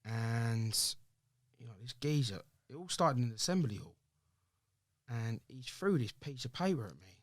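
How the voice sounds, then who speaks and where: A man's voice: medium pitch, normal speed, no echo, studio quality. A young man, a podcast guest candidly telling personal stories in slangy talk, often acting out other people's words. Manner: slangy, animated, acts out quoted voices.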